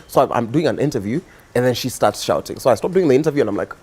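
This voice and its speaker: A young Kenyan man speaks as a talk show guest in a mid-range voice. He tells his story in a relaxed, meandering way. He leans on fillers as he goes. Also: mid-range voice, fairly quick, breathy edge. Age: young adult. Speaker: guest, activist and musician. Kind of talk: casual interview storytelling.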